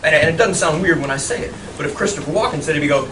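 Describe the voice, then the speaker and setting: A man in casual storytelling, animated and laughing, cursing freely through his anecdotes. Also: on the high side, very fast, few pauses, noisy background. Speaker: actor guest. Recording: echoey venue, far mic, loud crowd.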